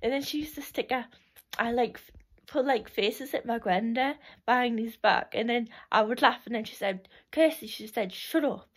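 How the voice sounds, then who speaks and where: A woman's voice: fairly high pitch, steady tone, normal speed. A young woman reminiscing in a casual, rambling way, full of "like" and restarts, often laughing.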